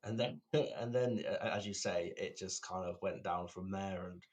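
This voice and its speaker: A man's voice: sits low, moderate pace, darkish tone, slight background noise. A man co-hosting a podcast in casual chat, rambling and repeating words. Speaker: podcast co-host.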